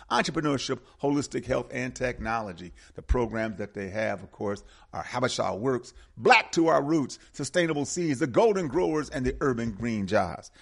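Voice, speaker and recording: A community radio host in the Atlanta area reads out local announcements in a casual way, going over the details and phone numbers more than once. His medium-pitched voice is gravelly and slightly rough.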